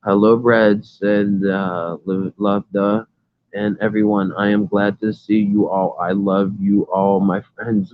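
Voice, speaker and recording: A man's voice: fairly low pitch, level tone, slow pace, no echo. A man hosting a casual livestream from his phone, reading chat comments aloud and talking in a rambling, earnest, emphatic way. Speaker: livestream host. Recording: tinny phone audio.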